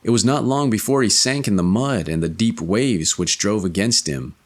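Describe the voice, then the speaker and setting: A man narrating a fairy tale in an expressive storybook reading. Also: lowish voice, normal speed.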